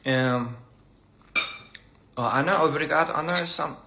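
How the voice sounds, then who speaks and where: A man's voice: fairly high pitch, measured pace, gravelly, background noise. A young man on a casual phone livestream, playfully stumbling over foreign phrases while he eats. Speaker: livestream host. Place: indoors at a meal.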